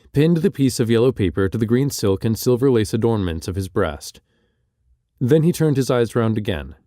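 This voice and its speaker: A man narrating an audiobook in a measured, expressive literary reading style. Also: fairly low pitch, no echo, clean studio sound.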